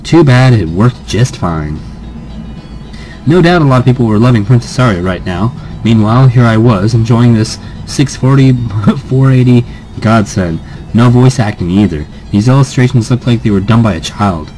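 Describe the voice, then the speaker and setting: A man's voice: medium pitch, lively intonation, moderate pace, darkish tone, soft background music, low-quality recording. A young man hosting a game playthrough, reading the story text aloud with drama and breaking into giggly, rambling asides. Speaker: let's-play host reading game text. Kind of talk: reading a visual novel aloud with chatty asides.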